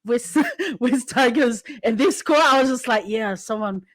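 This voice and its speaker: Brief: Kiwi woman podcast host, bright higher voice, teasing, chatty, dry close mic. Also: slightly rough, no room sound. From Samoan heritage, New Zealand. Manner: bubbly, teasing, quick laughs. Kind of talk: casual chat.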